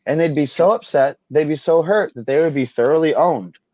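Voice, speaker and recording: A man's voice: on the high side, a little fast, mellow, no echo, muffled recording. Sarcastic man riffing on city politics. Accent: Massachusetts. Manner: sarcastic, mock-mimicking. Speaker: podcast co-host. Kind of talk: casual comedic commentary.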